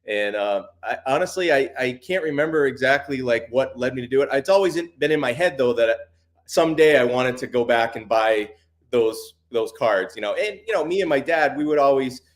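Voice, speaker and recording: A man talking casually as an interview guest, relaxed and rambling, with plenty of fillers and restarts. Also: mid-range voice, a little fast. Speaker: guest, sports card YouTuber.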